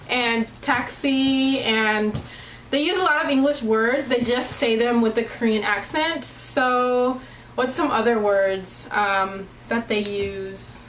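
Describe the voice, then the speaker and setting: Young woman, casual vlogger, chatty with frequent fillers, slightly high voice, recorded in an echoey room with faint hum. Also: steady tone, slow, fairly bright tone. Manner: chatty, many ums and likes, laughs often. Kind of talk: casual vlog talk.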